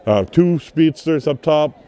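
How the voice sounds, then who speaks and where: A man's voice: fairly high pitch, expressive, takes it slowly, dark tone, clear, resonant tone. Man calling a local soccer game. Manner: conversational, with coaching asides. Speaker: play-by-play commentator. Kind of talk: local sports commentary. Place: high up above a field, outdoors.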